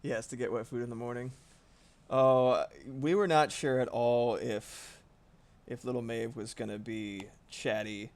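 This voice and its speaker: A man's voice: mid-range voice, a little mellow. A man streaming casually while drawing, rambling and swearing freely with frequent laughs.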